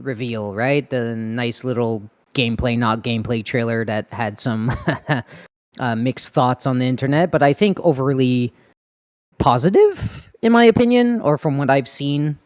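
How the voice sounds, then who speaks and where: A man from Canada hosting a casual gaming podcast, upbeat, laughing often and firing off quick questions. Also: mid-range voice, darkish tone. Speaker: podcast host.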